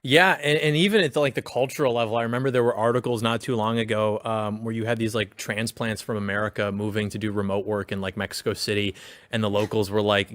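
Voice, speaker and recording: A man's voice: fairly low pitch, steady tone, fast, fairly bright tone, no room sound. Sarcastic young man, dry sound. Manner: sarcastic, joking, acts out quotes. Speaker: podcast co-host. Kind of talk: casual political chat.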